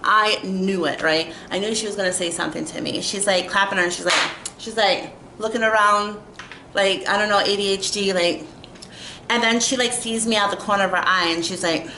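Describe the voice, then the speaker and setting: A woman's voice: mid-range voice, fairly even intonation, a little fast, sharp tone, a little hiss or hum. A young woman telling an exasperated storytime rant, full of "like" and fillers. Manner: exasperated, filler-heavy with constant "like". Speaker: vlogger. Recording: echoey room with faint ambience.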